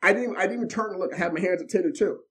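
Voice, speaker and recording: A middle-aged man casually telling a story, animated, acting out quotes and often tagging "right?". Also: high-pitched, rapid-fire, slightly rough. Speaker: podcast guest telling a story.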